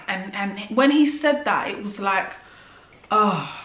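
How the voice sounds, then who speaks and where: A young woman telling a personal story about her father in a halting, emotional way, full of "like" and restarts. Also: medium pitch, lively intonation, a bit bright, recorded from a distance. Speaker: vlogger. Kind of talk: personal testimony, casual talk to camera. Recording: roomy and off-mic.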